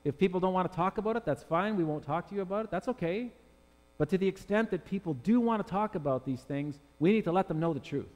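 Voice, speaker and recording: A man's voice: high voice, animated, fast, darkish tone. A man preaching from the pulpit with a somewhat raised voice, driving his points home with rhetorical questions to the congregation. His voice rings with a long church reverb. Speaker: pastor. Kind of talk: sermon.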